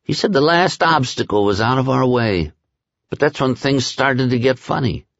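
Male narrator doing a profane, rambling henchman, pitched up from his own low voice, dull dry recording. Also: animated, moderate pace, gravelly, no echo. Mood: griping. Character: crude boozy loyal male henchman.

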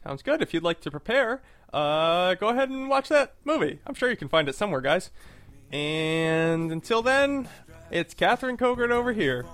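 Man, podcast co-host, casual chat, rambling, slightly high pitch. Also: big pitch swings, normal speed, a bit bright. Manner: rambling, hesitant, lots of fillers and restarts.

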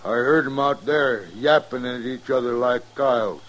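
An actor playing a jumpy outlaw partner who presses urgently to flee, in 1950s radio drama style. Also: male voice, medium pitch, a little slow, fairly bright tone, close to an everyday voice, rough recording.

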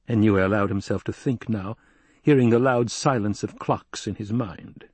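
A man narrating a novel in a steady, measured storytelling voice. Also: on the low side, slightly rough, no room sound. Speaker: audiobook narrator. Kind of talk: scripted narration.

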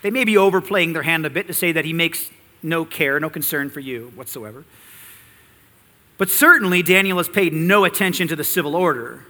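Bright-voiced male pastor in a reverberant church. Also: a little high, lively intonation, fairly quick. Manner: earnest teaching, rhetorical questions to the congregation. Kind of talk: expository sermon with scripture reading.

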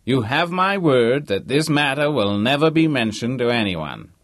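A man's voice: mid-range voice, sing-song, moderate pace, no room sound, studio quality, voice pushed up, close to an everyday voice. A man voicing a brash, wealthy businessman with an American accent who talks expansively. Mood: breezy. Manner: expansive, breezy.

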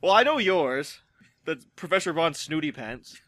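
An American man co-hosting a podcast in casual chat, jokey and quick to laugh. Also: fairly high pitch, big pitch swings, a bit bright, slight background noise. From United States. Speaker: podcast co-host.

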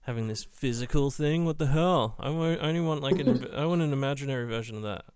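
A man's voice: mid-range voice, quick pace, darkish tone, clean tone, dry recording, clean studio sound. A man co-hosting a casual hobby chat, rambling with many fillers and swearing. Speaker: podcast co-host.

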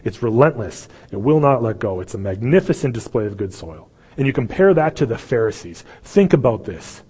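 Male pastor, impassioned sermon delivery, husky, long hall echo. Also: medium pitch, very animated, fairly quick. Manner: impassioned, swings from loud pleading to hushed. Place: church sanctuary.

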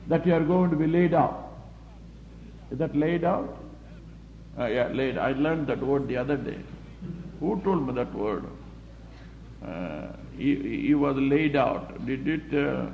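Man preaching a sermon, echoey room. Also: mid-range voice. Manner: plain-spoken, repetitive, halting with fillers. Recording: roomy, muffled recording with faint background hum.

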